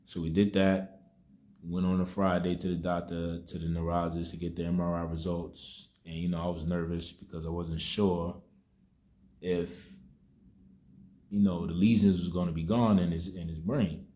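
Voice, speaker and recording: A man's voice: low voice, flat delivery, normal speed, warm tone. A young man speaking, telling a personal testimony in a rambling, subdued way full of "you know" fillers. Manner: subdued and reflective. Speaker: vlogger sharing a personal testimony. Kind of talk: casual spoken testimony.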